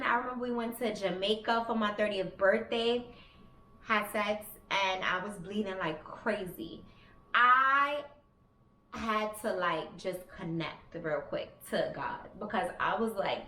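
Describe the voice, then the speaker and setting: Talking a little slowly in a mid-range, somewhat bright voice, a woman in her thirties vlogs a candid personal story, swearing without restraint. There's a bit of hiss or hum, a roomy echo, and faint ambience.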